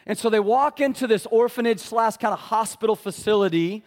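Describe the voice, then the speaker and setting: A man preaching a sermon as a pastor, telling a story with a casual, passionate delivery that drops to a hush for tender moments. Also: high-pitched, a little fast, big-room sound. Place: church sanctuary.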